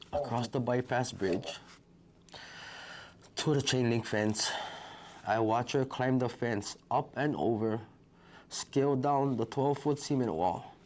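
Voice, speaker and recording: A man's voice: mid-range voice, a little mellow, slight background noise. A middle-aged man, telling a survivor's story in a vivid present-tense retelling that acts out what people said. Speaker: wildfire survivor. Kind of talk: personal storytelling.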